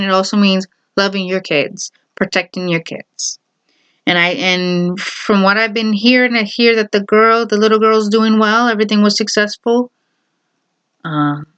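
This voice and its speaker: In a casual vlog, a woman with a clear, smooth voice of medium pitch and fairly bright tone shares her opinions. Addressing viewers directly, she hammers each point home by repeating it again and again.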